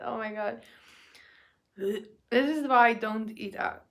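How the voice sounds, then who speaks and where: Excitable slow-talking woman vlogger. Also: a little high. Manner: excitable, swears, frequent laughter. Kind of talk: casual food vlog chat.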